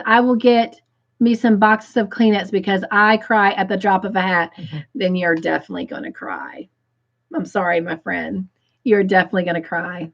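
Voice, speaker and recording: A woman hosting a crochet live stream, reading viewer comments aloud and gushing with excitement. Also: mid-range voice, lo-fi sound.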